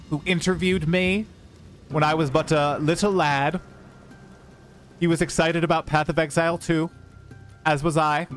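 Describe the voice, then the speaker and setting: A young man chatting casually on a livestream, rambling and animated as he talks to his chat. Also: fairly high pitch. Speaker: streamer.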